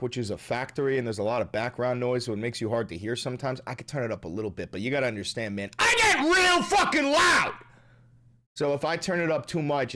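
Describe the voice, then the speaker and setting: Man, livestream host, casual, profane, reads chat. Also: medium pitch.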